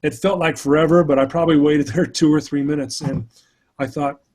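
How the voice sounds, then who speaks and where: A man's voice: a little high, steady tone, brisk, darkish tone. A man recounting his own struggles in an interview, speaking earnestly and candidly as a speaker and mentor. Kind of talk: personal storytelling in an interview.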